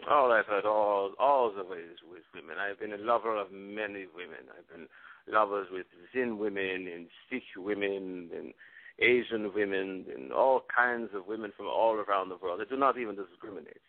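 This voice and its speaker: A man's voice: lowish voice, normal speed, no room sound, lightly acted. A man putting on a boastful male love expert with a Venezuelan accent, who brags about himself by name, heard over a tinny phone line. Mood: smug boasting. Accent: Venezuelan Spanish. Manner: self-adoring, speaks of himself by name.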